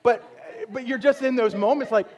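A man's voice: extremely high pitch, normal speed, highs cut off. A male pastor, probably in his thirties, preaching a sermon and telling a personal story with frequent laughter and self-mocking humor.

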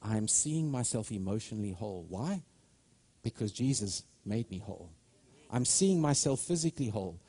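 A man's voice: mid-range voice, lively intonation, moderate pace, mellow, slightly rough. A middle-aged man preaching a sermon with fervent delivery, often repeating and restarting words as he builds momentum.

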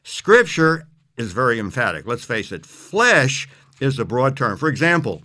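A man teaching on scripture as an interview guest, speaking emphatically and reading verses slowly. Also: mid-range voice, sing-song, pushed and bright.

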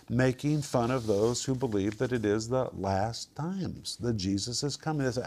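A man's voice: mid-range voice, moderate pace, a little mellow, slight background noise. A man teaching a home group Bible study, emphatic and repeating words for stress.

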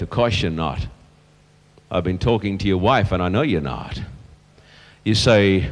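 A man's voice: low voice, expressive, unhurried, long pauses, long reverb tail. A man preaching an evangelistic sermon to a live audience, emphatic and calling on listeners to answer aloud. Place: church hall with a blackboard and a live audience.

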